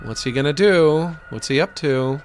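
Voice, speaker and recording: A man streaming a video game, thinking aloud in an animated, self-mocking way with sudden exclamations. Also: on the high side, normal speed, faint music behind. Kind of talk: let's-play commentary.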